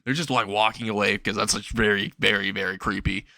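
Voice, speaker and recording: A man's voice: lowish voice, steady tone, fairly quick, gravelly, pushed and bright, no room sound, studio quality. A man casually improvising a fan story, chuckling and rambling with frequent restarts.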